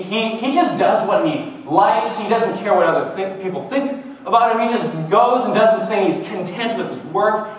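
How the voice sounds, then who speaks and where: Joking canadian guy in his 20s, high voice, sounds far off in a super echoey room. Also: slight background noise. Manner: joking, self-mocking, wry. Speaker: vlogger. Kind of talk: casual comic monologue.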